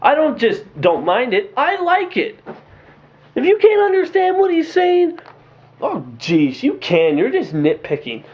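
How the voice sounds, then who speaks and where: Excitable rambling young guy, lo-fi audio. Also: extremely high pitch, a little slow. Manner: rambling, excitable, lots of fillers and restarts. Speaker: movie reviewer. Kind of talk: casual spoken movie review. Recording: dull lo-fi home recording.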